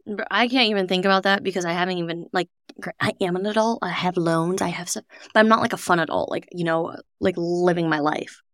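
A young woman co-hosting a podcast, chatting casually in quick bursts with lots of "like". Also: lowish voice, a bit bright, no echo, studio quality. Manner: chatty, fast bursts, frequent "like". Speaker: podcast co-host. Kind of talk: casual chat.

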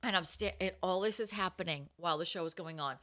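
A young adult woman, a comedian and podcast host, telling a story in a breathless, laughing, animated way. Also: lowish voice, fast talker, dry recording, clean studio sound. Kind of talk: casual storytelling chat.

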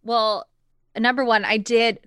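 A woman's voice: on the high side, steady tone, a little slow, fairly bright tone, clean tone, no room sound. Eager woman podcast guest, chatty fan energy, very clean dry recording. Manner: enthusiastic, filler-heavy, says "like" a lot. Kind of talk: casual comedy podcast chat.

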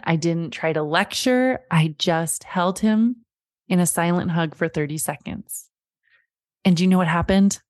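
A woman's voice: fairly low pitch, no echo, clean studio sound. A woman in her thirties, a parenting coach hosting a podcast, telling a family story and giving earnest advice.

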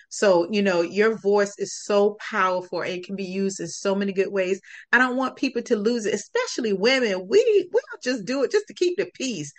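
A woman speaks as a podcast guest, earnest and reflective. She tells a personal story at a measured pace, her voice sitting in a middle pitch. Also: expressive.

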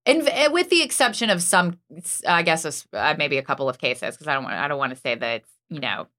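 A woman in her thirties co-hosting a podcast about parenting, in a chatty, animated way with lots of filler words. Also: deep voice, fairly quick. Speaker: podcast co-host, mom. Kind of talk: casual chat.

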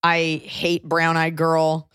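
A woman with a lowish voice hosts a casual podcast, spinning rambling, joking stories and tossing in the odd swear word. The mic is close and dry, with no room sound. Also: monotone, slow pace, fairly bright tone, smooth, dry recording. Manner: chatty, loose storytelling with jokes and swearing. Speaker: podcast host. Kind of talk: casual chat.

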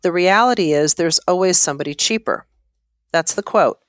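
A woman's voice: fairly low pitch, moderate pace, no echo, studio quality. A middle-aged woman, an interior designer, talking earnestly as a podcast guest. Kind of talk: casual interview chat.

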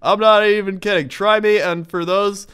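A man's voice: sits high, steady tone, normal speed, fairly bright tone, smooth. A man giving an exaggerated comedic reading of an angry email, swapping curse words for "effing" and breaking into laughter now and then. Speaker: reader of a viral email. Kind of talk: dramatic comedic reading aloud.

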